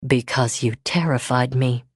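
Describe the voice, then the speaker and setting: A woman voicing a man in a romance audiobook, who pours out a long-held love in a low, strained, earnest tone. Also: a little slow, husky, no echo, clean studio sound, heavily acted.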